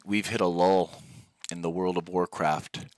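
Low-voiced joking young gamer guy. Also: fairly even intonation, a little slow, no echo. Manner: rambling, jokey, laid-back gamer slang. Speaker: gaming streamer. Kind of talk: casual joking chat. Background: background music.

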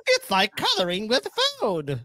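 A woman's voice: mid-range voice, wildly swooping pitch, measured pace. A woman co-hosting a livestream, sarcastically criticizing cooking videos. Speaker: co-host of reaction stream. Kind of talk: livestream reaction chat. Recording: loud background noise.

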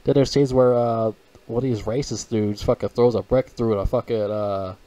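A man's voice: medium pitch, steady tone, moderate pace, mellow. A man giving a casual, rambling movie review, swearing often, mocking people and stumbling over his words. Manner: profane, rambling, mocking, frequent restarts.

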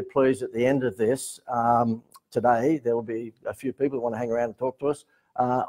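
A man's voice: medium pitch, rough recording. A man with an Australian accent giving a live seminar talk to a room, telling stories in a joking, sarcastic way. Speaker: seminar presenter.

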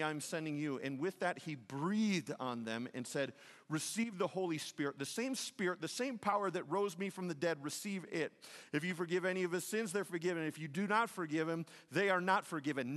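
Male pastor, fairly high voice, long hall reverb, loud bursts then hushed, casual retellings. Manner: swings from loud, fast outbursts to low, hushed passages; acts out biblical dialogue in casual modern speech. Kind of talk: sermon. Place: large church hall.

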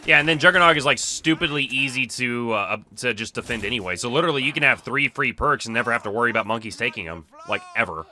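A young man streaming a zombie shooter with friends, chatting casually, laughing and quick to agree. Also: medium pitch, bright, forceful tone, a little hiss or hum. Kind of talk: casual gaming chat.

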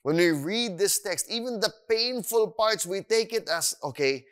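A bright, forceful male voice preaching with a Filipino accent, fairly high in pitch. He moves in and out of Tagalog phrases and acts out little voices to make his points, lively and conversational from the pulpit. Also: measured pace. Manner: animated preaching, switching between English and Tagalog phrases; acts out voices of children and doubters. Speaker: pastor. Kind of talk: sermon.

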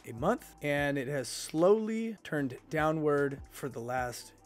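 A man's voice: a little high, very animated, slow, faint music behind. A man who works as a YouTube consultant, talking skeptically and directly to his viewers in a casual commentary vlog.

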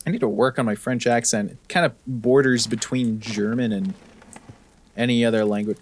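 Playing a horror game, a gaming video host offers let's-play commentary full of joking, sarcastic asides. He speaks in a mid-range voice at a moderate pace.

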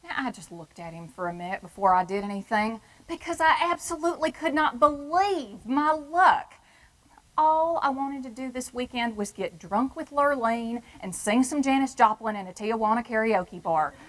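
A woman's voice: fairly high pitch, expressive, moderate pace, hardly any pauses, lightly acted, poor audio. A woman with a Texan accent playing a brash, folksy wife of a prisoner in a stage monologue. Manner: brassy, folksy, drawling. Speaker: performer. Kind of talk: theatrical monologue.

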